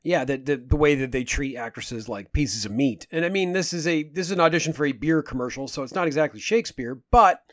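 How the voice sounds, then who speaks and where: Male podcast co-host, irreverent and loose, a bit high-pitched, dry. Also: fast talker, hardly any pauses, dry recording. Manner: loose, irreverent, swears freely. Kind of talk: casual film discussion.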